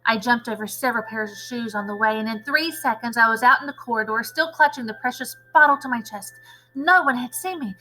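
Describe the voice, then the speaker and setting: A teacher reads a children's novel aloud with lively expression. Her voice is high and bright, and she keeps the story moving with animated narration. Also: brisk, faint music behind, low-quality recording.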